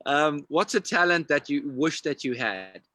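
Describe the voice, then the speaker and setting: Bright-voiced man firing off questions. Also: fairly high pitch, expressive, dry recording. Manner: brisk, playful questioning. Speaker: interview host. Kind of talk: quick-fire interview questions.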